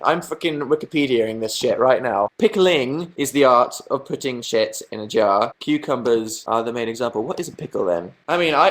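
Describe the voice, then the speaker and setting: A young man from England chats straight to a webcam during a live stream. His voice sits in an ordinary middle range. He rambles through questions, teases himself and swears casually. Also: mid-range voice. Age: young adult. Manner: rambling, self-mocking, swears freely, breaks into laughs. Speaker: YouTuber answering live chat.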